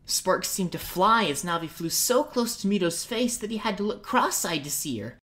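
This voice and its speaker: A woman narrating a fan-made storybook audiobook with even storytelling. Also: mid-range voice, moderate pace.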